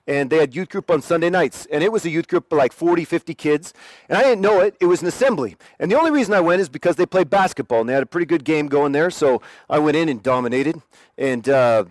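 A young man from Oregon telling his personal faith testimony in a lively, self-deprecating way, acting out quotes as he goes. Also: fairly high pitch, quick pace, dry recording. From Oregon, USA.

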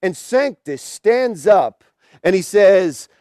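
Man, preacher, high voice, halting sermon storytelling, dry close sound. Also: lively intonation, darkish tone, dry recording. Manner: halting, storytelling with many restarts.

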